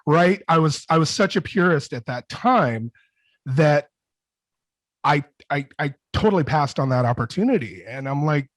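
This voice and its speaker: A man's voice: medium pitch, no room sound. A man, a music producer, telling stories on an online panel with lots of restarts and fillers, speaking over a video call from his home studio. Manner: rambling, animated storytelling with many restarts. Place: home studio with colorful backdrop.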